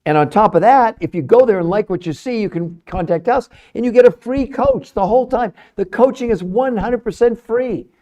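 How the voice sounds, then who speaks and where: A middle-aged nutrition researcher hosts a livestream, addressing chat viewers in an emphatic, salesy style and repeating points for effect. His voice sits high and sounds mellow, moving at a moderate pace with few pauses over lo-fi audio.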